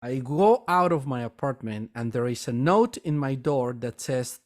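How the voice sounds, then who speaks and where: A man who owns a metaphysical store and teaches meditation, telling a personal story in an earnest, halting way and repeating words as he goes. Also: mid-range voice, expressive.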